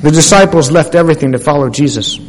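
A man's voice: fast talker, long reverb tail, a little hiss or hum, poor audio. A man preaching a sermon, emphatic, rising on key words and asking listeners direct questions. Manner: emphatic, rising on key phrases, drops low at the ends of statements.

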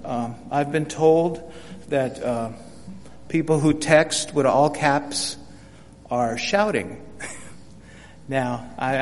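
Older man teaching Bible class in reverberant hall. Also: medium pitch. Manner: folksy, repeats words and acts out quoted lines. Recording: reverberant hall with faint hum.

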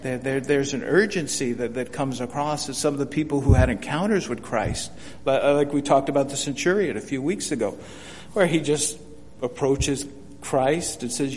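A man's voice: medium pitch, moderate pace, darkish tone. An older man teaching a Bible study in a folksy, conversational way, often repeating words and acting out the lines he quotes. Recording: reverberant hall with faint hum.

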